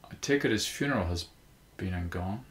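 A man's voice: low voice, animated, moderate pace. A man voicing a grieving young woman who asks tearful, pleading questions, in a storybook reading. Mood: heartbroken. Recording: roomy echo.

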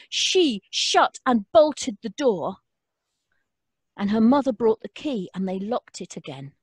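A woman storyteller telling a folk tale in a slow, dramatic way with pauses. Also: a little high, no echo.

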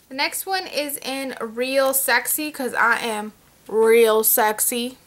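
A woman's voice: a little high, slow pace, a bit bright. A young woman chatting at home as a beauty vlogger, showing off her products in a rambling way full of fillers. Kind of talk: casual chat, showing products.

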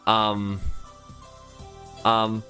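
A man's voice: on the low side, completely flat delivery, extremely slow, bright, forceful tone, soft background music. A man, a voice actor, chatting casually on a livestream in a playful, rambling way with lots of fillers. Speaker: voice actor streaming.

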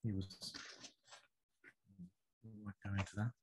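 A man's voice: on the low side, level tone, a little slow, noisy background. A man co-hosting a podcast and answering horror trivia, talking casually and searching for words with ums and restarts. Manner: hesitant, with many ums and restarts. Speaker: podcast co-host and trivia player.

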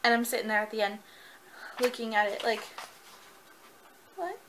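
A young woman reviewing a book in a casual vlog. She talks in a gushing, excitable way and laughs often. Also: on the high side, fast, heavy background noise.

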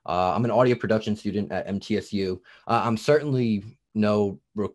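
A man's voice: on the low side, a little fast, a little mellow. A man in his twenties from New Jersey, with a Jersey accent tinged Southern, rambling through a casual podcast interview with lots of fillers. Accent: New Jersey, with some Southern US. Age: 20s. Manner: rambling, lots of "like" and "you know". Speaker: guest producer and TikTok creator.

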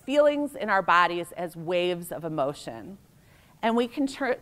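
A woman's voice: medium pitch, fairly bright tone, clean tone. American woman telling stories in a keynote. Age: middle-aged. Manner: anecdotal, conversational, acts out quoted voices. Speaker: keynote speaker. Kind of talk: conference keynote storytelling.

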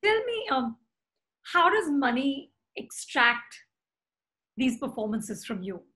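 A woman interviewer asking thoughtful questions at a slow, deliberate pace. Her voice sits a little high. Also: very animated, bright, forceful tone. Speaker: interviewer, film critic.

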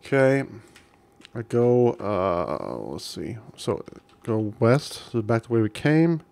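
Slow-talking man streaming a retro game. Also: medium pitch, very animated, creaky, darkish tone, clean tone. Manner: amused, reads game text aloud, chuckles often. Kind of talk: casual gameplay commentary.

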